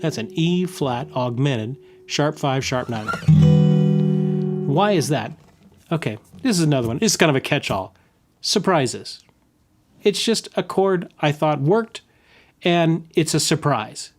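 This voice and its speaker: A man's voice: fairly high pitch, animated, measured pace, long pauses. Casual male guitar teacher over guitar. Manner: casual, hums and scats the chords while playing. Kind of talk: guitar lesson with playing and humming. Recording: guitar playing loudly underneath. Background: acoustic guitar.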